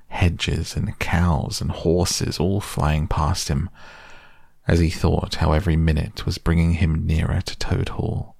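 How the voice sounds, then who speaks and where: A man reads a storybook aloud in a soft, unhurried bedtime manner. His voice sits very low with a gravelly texture. The recording is dry and close, with no room sound. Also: no echo. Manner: gentle, unhurried. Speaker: audiobook reader. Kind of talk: soft bedtime audiobook reading.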